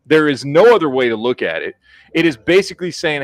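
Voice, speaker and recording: A man's voice: fairly high pitch, big pitch swings, a little fast, no room sound. Blunt, profane man ranting. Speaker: podcast host. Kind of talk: casual podcast chat.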